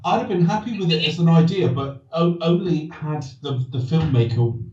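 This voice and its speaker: A man hosts a casual film podcast, thinking aloud and answering his own questions. His voice is warm and mellow. It sounds distant and echoey, with a dull, lo-fi tone. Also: on the high side, moderate pace. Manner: rambling, restarts sentences, asks himself questions. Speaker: podcast host. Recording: distant roomy dull recording.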